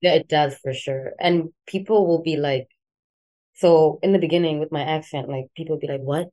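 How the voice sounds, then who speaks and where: A young woman from South Africa with a softened South African accent, chatting casually as an interview guest, rambling with many fillers. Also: deep voice, normal speed. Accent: South African, softened toward American. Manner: relaxed, rambling, many "like" fillers, laughs easily. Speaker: guest, musician.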